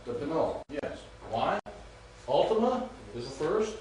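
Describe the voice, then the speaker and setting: A man's voice: fairly high pitch, very animated, unhurried, a little mellow, a little hiss or hum. A man teaching a class on Greek, explaining rules step by step and quizzing his students. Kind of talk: classroom lecture. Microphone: far from the mic. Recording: very echoey distant classroom recording.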